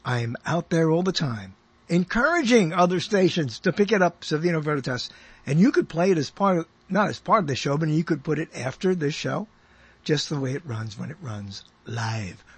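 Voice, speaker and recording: Radio host, man, 60s, high and husky, chatty, self-amused rambler who chuckles a lot. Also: animated, moderate pace, no echo.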